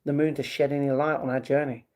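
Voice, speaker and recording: Mellow-voiced man reading a novel aloud. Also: mid-range voice, flat delivery, fast talker. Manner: stumbling reading with laughing asides. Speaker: livestream host.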